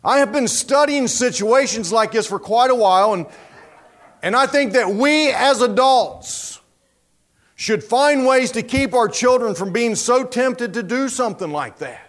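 A man's voice: extremely high pitch, expressive, measured pace, voice pushed up. A man voicing a fussy male teacher who lectures with small hesitations. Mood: pedantic.

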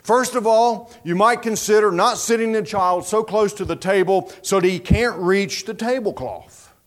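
Brief: a man doing a soft-spoken, practical adviser. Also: high voice, moderate pace, natural voice. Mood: advising. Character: earnest advice-giving churchgoer.

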